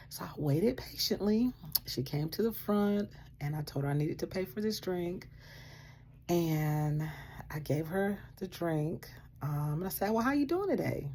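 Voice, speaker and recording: A woman shares a personal story in a relaxed, conversational way. Her voice sits low and mellow with a husky edge, yet it leaps up and down with animation as she acts out the exchanges and breaks into laughter. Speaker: vlogger sharing a faith testimony. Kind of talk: casual storytelling.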